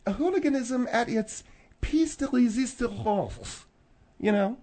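A man's voice: very high voice, lively intonation, moderate pace, pitched above the performer's own voice. A man voicing a prim, indignant middle-aged woman co-host who scolds in a huffy, prissy way.

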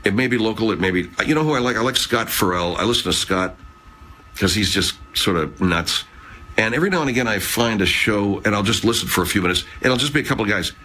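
A man's voice: lowish voice, expressive, fast talker, sharp tone, a little hiss or hum. A man hosting a casual live chat, rambling, swearing, and reading out viewer comments. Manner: rambling, profane, chatty. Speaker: livestream host.

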